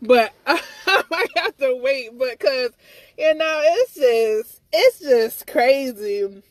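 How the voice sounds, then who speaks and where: A woman's voice: high voice, animated, slow, dry recording. A woman in a casual live-stream rant, agitated and rambling, repeating herself and swearing, with speech. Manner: swears freely, stammers on restarts. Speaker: livestreamer.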